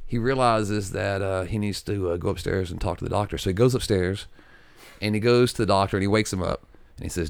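A man's voice: deep voice, brisk, gravelly, no echo. A man co-hosting a podcast, telling a long story in a rambling way with many restarts. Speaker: podcast co-host. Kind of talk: casual storytelling.

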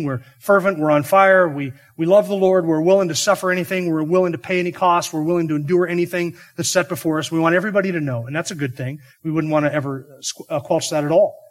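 A man's voice: a little high, fairly bright tone. A man preaching an expository sermon, earnest and emphatic, asking the listeners rhetorical questions. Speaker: pastor.

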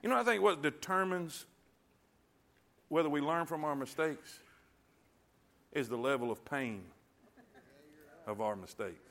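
A middle-aged man preaching a sermon in a folksy call-and-response way, with loud bursts when he quotes God. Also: fairly high pitch, unhurried, pauses often. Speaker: pastor. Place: church sanctuary.

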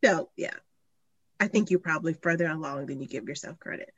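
A woman's voice: low voice, fairly quick, fairly bright tone, husky, no echo, highs cut off. A woman chatting casually as a podcast guest, telling a family anecdote with side remarks. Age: adult. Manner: chatty, tells anecdotes with asides. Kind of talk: casual chat.

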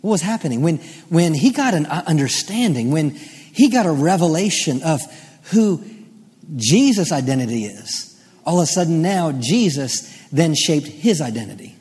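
Man, pastor, sermon, quiet then building emphasis, long hall reverb. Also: on the high side, very animated, normal speed, husky. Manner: preaching, swings from quiet teaching to rising emphatic delivery.

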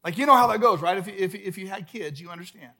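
During a church service, a male pastor preaches with emphasis in a high-pitched voice at a quick clip. His delivery alternates between booming outbursts and soft, hushed passages.

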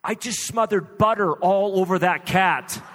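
A man acting out his flustered, earnest wife during a sermon story, explaining herself quickly and sheepishly. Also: high voice, a bit bright, a little hiss or hum, voice pushed up.

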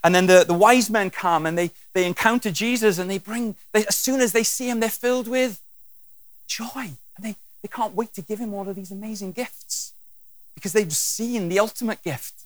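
A man's voice: sits high, moderate pace, dry recording. A man preaching a sermon with humour, acting out scenes and voices as he goes. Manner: animated and humorous, acting out scenes.

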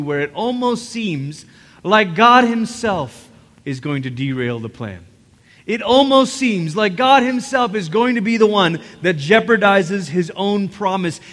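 A man delivering a sermon from the pulpit, with a high, light voice that carries through a long-reverb church sanctuary. He talks to the congregation conversationally and slips into the imagined thoughts of his listeners. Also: a bit bright. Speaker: pastor.

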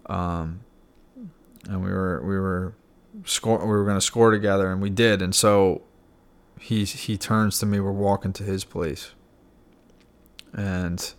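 A young man with a low-pitched voice recounts his own past in a loose, candid podcast style. He talks frankly, leans on fillers and now and then swears casually. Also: fairly even intonation, slow pace, long pauses. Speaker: podcast guest sharing his recovery story. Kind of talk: candid personal storytelling.

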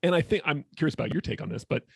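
A man's voice: a little high, lively intonation, rapid-fire, vocal fry, slightly rough, no echo, studio quality. A man co-hosting a podcast as a therapist, explaining ideas in a thoughtful, casual way with many fillers. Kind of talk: casual conversation.

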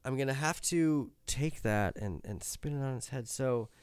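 Joking male podcast host, smooth and dry. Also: mid-range voice, moderate pace, a little mellow, no echo. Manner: joking, laughing, playful mispronunciations. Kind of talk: casual podcast chat.

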